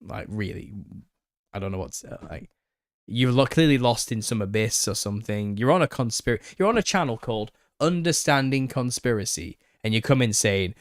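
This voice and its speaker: A man hosting a live Q&A stream, reading viewer comments and answering them with exasperation and laughter, his voice a little raspy. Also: mid-range voice, big pitch swings, normal speed, dry recording, studio quality. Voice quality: slightly raspy. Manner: reads out chat comments and retorts, exasperated, laughing. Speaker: channel host answering viewer questions.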